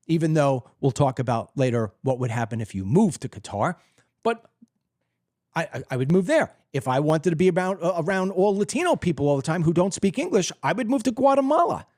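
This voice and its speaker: Fired-up male host, high and lively. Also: a little fast, no echo, clean studio sound. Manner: emphatic, heated, acts out other people's reactions. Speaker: political commentary host. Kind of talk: opinionated monologue. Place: at his desk at home.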